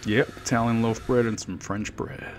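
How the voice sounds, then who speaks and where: A man's voice: mid-range voice, fairly even intonation, normal speed, slight background noise. A man casually commenting on his own gameplay, joking and chatting to game characters and to himself. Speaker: gaming video host. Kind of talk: casual let's play commentary. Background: faint game music.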